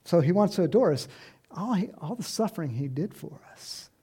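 A middle-aged man preaching an informal sermon, animated and chatty, acting out voices and chuckling as he speaks to the congregation. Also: high-pitched, a little fast, husky. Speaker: pastor.

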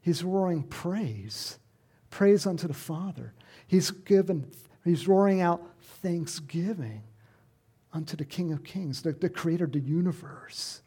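A man's voice: a little high, unhurried, mellow, breathy edge. A middle-aged man preaching a sermon in a conversational, rambling way, breaking into emphatic bursts. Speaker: pastor.

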